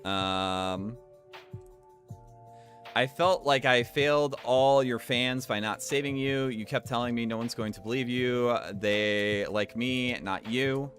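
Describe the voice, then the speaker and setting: Bright-voiced man reading with wry asides. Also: mid-range voice, a little slow, soft background music. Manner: reads flatly, breaks off for wry asides. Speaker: streamer. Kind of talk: reading aloud with commentary.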